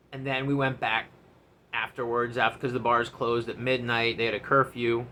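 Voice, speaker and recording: A man, a former enlisted soldier, telling a story from his service days in a casual, animated, profane way. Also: medium pitch, slight background noise.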